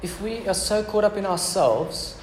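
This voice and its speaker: A man's voice: high-pitched, animated, normal speed. A man preaching a casual, joking sermon in a church hall. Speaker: pastor. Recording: echoey church hall with background noise.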